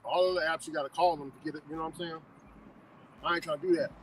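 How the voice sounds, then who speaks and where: A man's voice: a little high, steady tone, rapid-fire, background noise. A man who works as a delivery driver, chatting casually in slang and laughing often. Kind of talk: casual chat.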